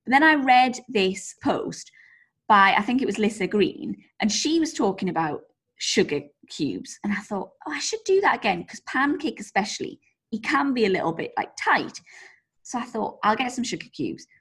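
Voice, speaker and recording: A woman co-hosting a podcast, telling stories in a lively way and swearing casually. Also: medium pitch, normal speed, husky. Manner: animated storyteller, swears casually. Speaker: podcast co-host. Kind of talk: casual chat.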